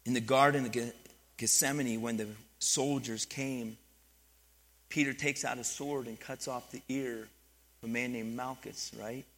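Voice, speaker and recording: A middle-aged man, a pastor, preaching a sermon in an animated way, dropping quiet and then building up, often asking the congregation questions. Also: mid-range voice, a little slow.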